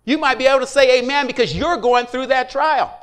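A man's voice: very high-pitched, a little fast, a bit bright. A middle-aged man, a pastor, preaching a conversational sermon with frequent asides to the congregation.

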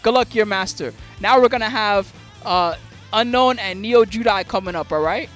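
A man's voice: high voice, normal speed, fairly bright tone. A man hosting a live fighting-game tournament stream, commentating the matches with slangy banter toward chat and frequent laughter. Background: game music.

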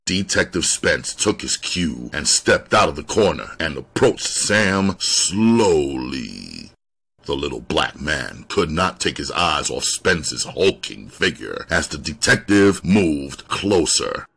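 A man reading a crime novel aloud as an audiobook narrator, with a husky voice and steady storytelling. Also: very deep voice, takes it slowly. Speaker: audiobook reader. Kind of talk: scripted narration.

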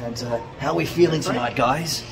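A man's voice: mid-range voice, fairly quick, vocal fry, poor audio. A man hosting a playful backstage webisode, chatting and teasing cast members before a show. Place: theatre backstage and dressing rooms.

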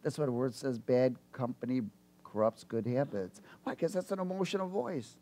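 A man preaches a sermon at a moderate pace, animated throughout, jumping from loud bursts to quiet asides and laughing between his points.

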